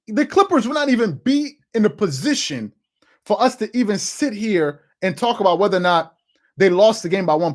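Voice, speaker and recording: A man hosting a live sports talk stream, talking through his notes, repeating words as he goes and answering chat comments. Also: high voice. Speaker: sports talk show host.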